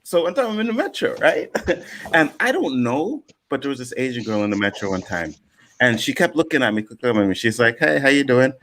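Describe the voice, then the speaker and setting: With a medium-pitched voice and a fairly quick delivery, the Nova Scotia storyteller animatedly plays out others' lines on a casual panel show. A little hiss or hum runs under the audio.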